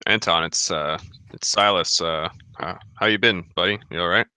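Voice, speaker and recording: Deep, bright-toned man playing a tabletop game. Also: normal speed, clear, resonant tone, no room sound. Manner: casual, friendly, hesitant. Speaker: player. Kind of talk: tabletop role-play chat.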